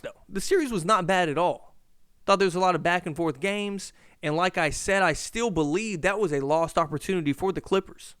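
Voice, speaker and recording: Brief: young man, podcast host, fast profane rambles, smooth clear voice, slightly high, dry close mic. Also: dry recording. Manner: profane, rambling, animated rants. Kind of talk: casual solo sports podcast rant. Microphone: handheld mic.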